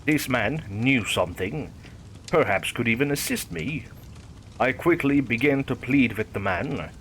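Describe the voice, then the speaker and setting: A man reading a first-person horror story aloud, in a measured storytelling manner. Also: medium pitch, lively intonation, a bit bright, slight background noise. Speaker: narrator. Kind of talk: scripted horror story narration.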